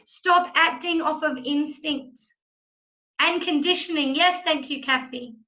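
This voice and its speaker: A woman with a high, sharp, bright voice leads a motivational masterclass as a mindset coach. She talks emphatically and punchily, hammering her points with repetition. The recording sounds dull and lo-fi. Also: measured pace.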